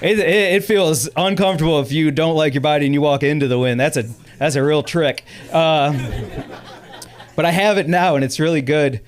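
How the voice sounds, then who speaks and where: Animated stand-up comic on a club stage. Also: male voice, fairly high pitch, moderate pace. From Chicago. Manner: animated, exclaiming, laughing through lines. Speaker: stand-up comedian. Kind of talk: stand-up comedy set. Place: comedy club stage with audience.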